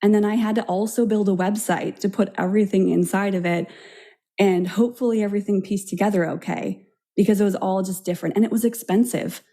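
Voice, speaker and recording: A woman's voice: medium pitch, steady tone, fairly quick, dark tone. A woman who is a yoga teacher talking with enthusiasm in a casual interview. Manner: enthusiastic recommending. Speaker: yoga teacher, studio owner.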